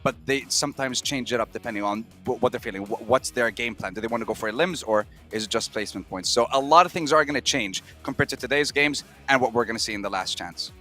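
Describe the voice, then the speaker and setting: A man explaining team strategy at an esports desk in an energetic way. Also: mid-range voice, quick pace, hardly any pauses, soft background music. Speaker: desk analyst. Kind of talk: esports analysis.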